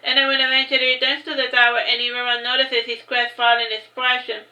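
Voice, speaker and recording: Bright-voiced woman reading a story. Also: a little high, quick pace. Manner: steady plain reading with small slips. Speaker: narrator. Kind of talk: reading a fantasy novel aloud. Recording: roomy echo.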